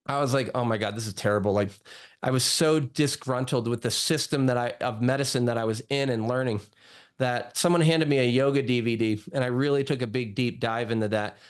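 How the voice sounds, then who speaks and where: A man's voice: mid-range voice, fairly quick, smooth. A man, a doctor, telling his own story in a casual interview, full of "like" and "you know". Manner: chatty, lots of "like" and "you know". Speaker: guest doctor.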